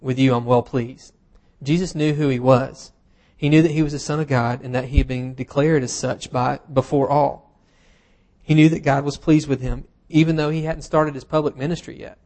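Male preacher, mid-pitched, chatty sermon delivery, dry self-deprecating humor, lots of ums. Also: fairly even intonation, moderate pace, a little mellow. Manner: casual and self-deprecating, with humorous asides and frequent fillers. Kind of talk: conversational sermon.

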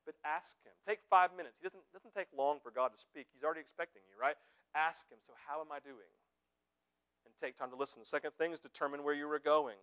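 A pastor preaching a conversational sermon, often checking in with his listeners with quick tag questions. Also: a little high, fairly bright tone.

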